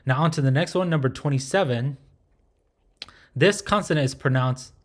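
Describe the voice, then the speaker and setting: Patient man teaching pronunciation. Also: mid-range voice. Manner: patient, repeats sounds slowly with frequent "right?" checks. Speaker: language teacher. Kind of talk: recorded lesson.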